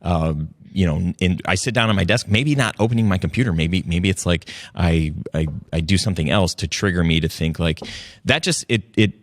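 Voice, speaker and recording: A man's voice: deep voice, a little fast, no room sound, clean studio sound. A man hosting an interview, talking casually with many restarts and a jokey manner. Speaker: podcast host.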